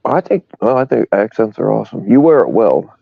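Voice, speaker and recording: A man with a fairly low voice jokes around in loose, rambling chat, often tripping over his words. The sound is dull and lo-fi, with a very dry, close feel. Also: very animated, brisk, gravelly, slightly rough, dry recording. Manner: joking, rambling with frequent stutters. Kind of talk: casual banter.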